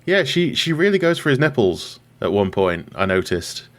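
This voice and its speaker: A man's voice: medium pitch, big pitch swings, moderate pace. A man hosting a podcast, chatting casually and wryly as he recaps a film from his notes. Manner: wry, chatty, laughs at his own jokes. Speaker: podcast host.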